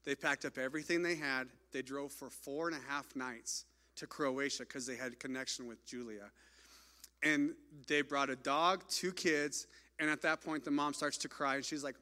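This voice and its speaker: Speaking from a stage before an audience, a man from the United States tells a mission trip story in a chatty way, full of "like" and restarts. His pitch is fairly high, his pace moderate, and his tone bright and forceful.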